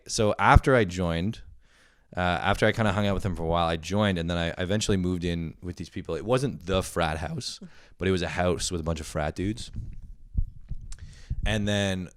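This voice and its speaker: Profane rambling man, low voice. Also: smooth, no echo, studio quality. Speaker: podcast host. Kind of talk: casual chat.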